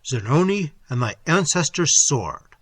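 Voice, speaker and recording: A man voicing a mysterious, calm foreign sage who speaks in a solemn, measured, archaic way. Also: on the high side, husky, dry recording, exaggerated voice. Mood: ominous. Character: mysterious foreign male sage, deep-voiced, calm, ominous.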